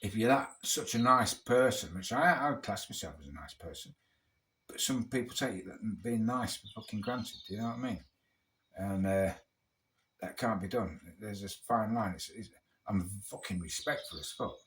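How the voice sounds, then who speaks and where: A man's voice: on the low side, moderate pace, fairly bright tone. A British man talking in a casual, rambling monologue over a beer, blunt and swearing heavily. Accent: British English. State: drinking beer. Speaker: vlogger.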